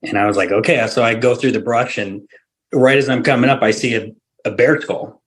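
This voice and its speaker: A man from Alaska, a hunting guide, telling a lively story as a podcast guest, laughing often and acting out what people said. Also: medium pitch, fairly quick, slightly rough. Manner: animated storyteller, laughs often, acts out quoted dialogue.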